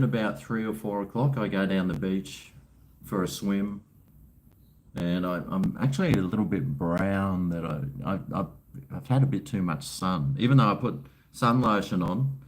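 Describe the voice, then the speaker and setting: A man's voice: lowish voice, slight background noise. Man, Australian accent, middle-aged, livestream host, casual rambling chat, says mate. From Queensland, Australia.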